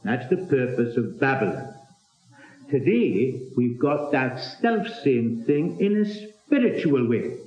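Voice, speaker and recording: A man's voice: mid-range voice, very animated, slow pace. A man preaching a sermon with emphasis, repeating key phrases to drive his points home. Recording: roomy, dull lo-fi recording.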